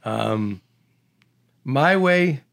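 Middle-aged man from the Boston area, gravelly, mid pitch, animated storyteller. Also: very slow. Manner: animated, acts out voices, restarts often. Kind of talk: casual conversational storytelling.

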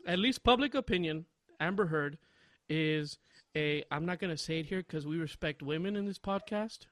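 A young man co-hosting a podcast, rambling and laughing loudly at his own stories. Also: a little high, normal speed, dry recording. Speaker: podcast co-host. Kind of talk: casual podcast chat.

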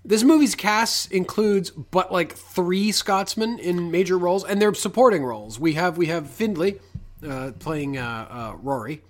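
A man's voice: sits high, lively intonation, a little slow. A man co-hosting a podcast, chatting casually about an old film with joking, sarcastic asides. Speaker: podcast co-host.

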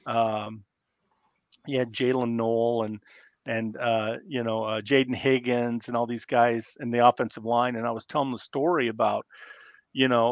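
A middle-aged man from Iowa spins long, rambling stories as a podcast guest, animated and full of restarts. His voice sits at an ordinary pitch. The sound is dry and a little muffled, close on a studio mic. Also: dry recording. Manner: rambling, animated, acts out coaches yelling. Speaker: podcast guest, former college football player. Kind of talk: casual storytelling interview.

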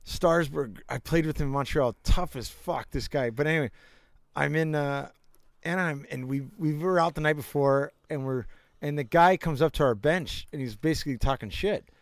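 A man's voice: fairly high pitch, normal speed, no echo, studio quality. A middle-aged man, a former hockey player, telling stories as a guest in a casual chat, rambling, restarting often and swearing freely. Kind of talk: casual storytelling.

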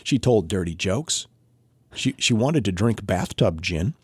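A man's voice: on the low side, measured pace, breathy edge, no echo. A man co-hosting a podcast, telling a story in casual chat and acting out the quotes. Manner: animated, acts out quoted voices. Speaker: podcast co-host.

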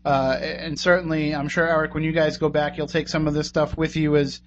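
A man's voice: a little high, level tone, fairly quick. A man hosting a radio talk show, rambling casually as he thanks his guests and wraps up. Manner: chatty and rambling, thanking guests and plugging contacts. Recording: muffled radio recording with faint hum.

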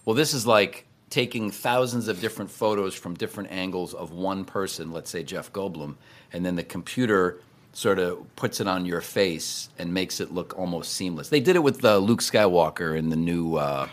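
A male voice actor and impressionist chatting casually in an interview, quick and chatty and laughing often. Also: sits low.

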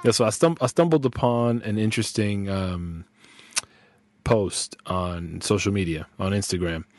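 A man's voice: lowish voice, unhurried. A man hosting a podcast, talking casually and loosely with slang and restarts. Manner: relaxed, rambling with restarts and slang. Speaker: podcast host.

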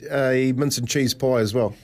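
A man with a New Zealand accent co-hosting a breakfast show. He keeps up a teasing, jokey patter, often breaking into a laugh, at a middling pitch. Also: steady tone, normal speed, darkish tone. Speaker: radio breakfast co-host. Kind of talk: casual radio banter.

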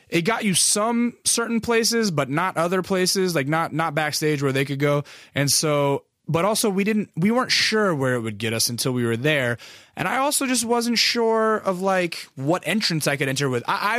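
A man's voice: medium pitch, a bit bright, no room sound, clean studio sound. A man telling a long story in casual, rambling speech, full of profanity and self-deprecating asides.

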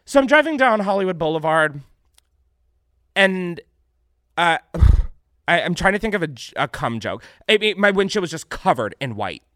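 A young man with a somewhat high voice rants through a casual vlog monologue. His pitch leaps around as he swears and complains, and the recording is dry with no room sound. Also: normal speed, long pauses, dry recording. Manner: animated, profane, ranting. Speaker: vlogger host.

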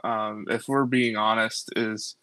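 A man speaking as a podcast guest in casual chat, unhurried and hesitant with many fillers. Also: fairly low pitch, level tone, sharp tone, no room sound, poor audio.

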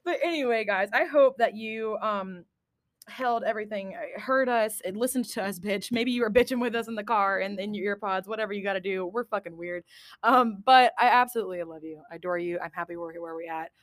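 Woman podcast host, mid-pitched, blunt and profane, dry recording. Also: fairly quick, dry recording. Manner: blunt and emphatic, swears freely. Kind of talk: casual chat.

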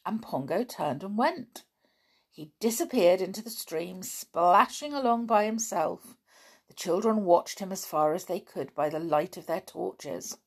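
A woman reading a children's story aloud, gentle and expressive. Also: a little slow, breathy edge. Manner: gentle, expressive, raises pitch for children's voices.

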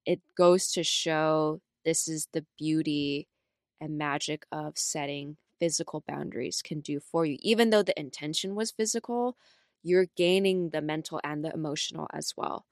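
A young adult woman co-hosting a podcast in casual chat, full of fillers like "like" and "right?", telling stories with lively acted-out quotes. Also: normal speed, no room sound, studio quality. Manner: animated storyteller, acts out quotes with big pitch jumps. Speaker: podcast co-host.

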